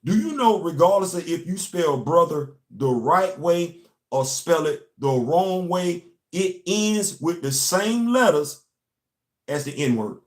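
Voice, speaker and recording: A man's voice: on the high side, expressive, takes it slowly. A young man from the United States hosting an impassioned monologue, emphatic and preachy, repeating his key lines. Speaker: host. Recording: echoey room.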